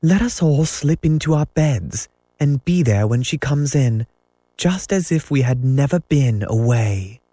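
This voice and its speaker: A man doing Wendy, gentle motherly girl. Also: medium pitch, animated, unhurried, no echo, pitched above the performer's own voice. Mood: earnest. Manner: gentle, faltering. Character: earnest motherly young girl.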